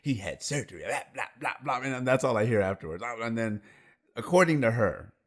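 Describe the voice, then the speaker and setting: A man's voice: medium pitch, expressive, a little fast. A man co-hosting a podcast, telling wry, joking stories in casual banter. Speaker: podcast co-host.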